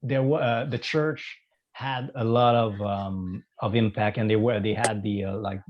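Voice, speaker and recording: A man's voice: fairly low pitch, steady tone, measured pace, dull audio. A man from Quebec with a Quebec French accent, a guest musician in a casual interview, talking hesitantly with many fillers and restarts.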